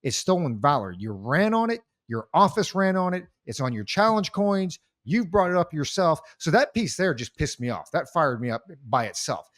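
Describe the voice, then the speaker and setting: Heated veteran podcast co-host, dry sound. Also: male voice, on the high side, sing-song, moderate pace, few pauses, a bit bright, no room sound. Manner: heated, rambling with restarts. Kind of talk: casual chat.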